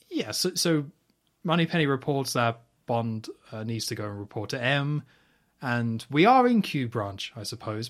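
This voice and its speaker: A man hosting a podcast, casually retelling film scenes in a rambling, opinionated way. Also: mid-range voice. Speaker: podcast host. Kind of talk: casual film recap chat.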